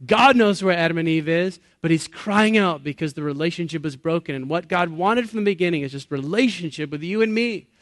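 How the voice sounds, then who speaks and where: A man's voice: a little high, a little fast, few pauses, no echo, clean studio sound. A man in his late thirties preaching a sermon to a live audience, talking in an earnest, conversational way, laughing at himself and putting questions to the listeners. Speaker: pastor. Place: church or meeting hall with an audience.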